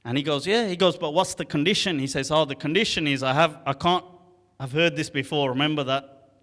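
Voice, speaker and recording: Animated man telling a story in a reverberant hall. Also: a little high. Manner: animated, acts out the characters' lines; recites classical Arabic poetry rapidly and rhythmically. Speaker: Islamic scholar telling a story. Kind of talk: casual storytelling talk.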